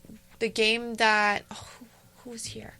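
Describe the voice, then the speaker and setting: A woman from Canada co-hosting a casual sports podcast, excitable, with quick interjections. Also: a little high, clean tone, no echo.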